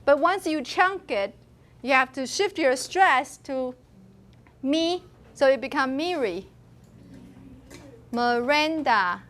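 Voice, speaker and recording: A woman's voice: high-pitched, slow, pauses often, fairly bright tone. A female university lecturer with a Taiwanese accent, giving a classroom lecture and often asking the students questions and laughing.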